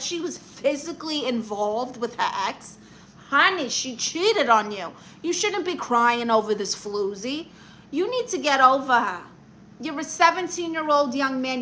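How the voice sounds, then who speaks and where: A brassy woman with a Brooklyn accent hosts a comedy livestream, reading viewer comments aloud and handing out blunt, sassy advice. Her voice sits fairly high and has a sharp, bright edge. A faint hiss runs under it. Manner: brassy, blunt and sassy, calls people honey. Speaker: livestream host giving comic advice.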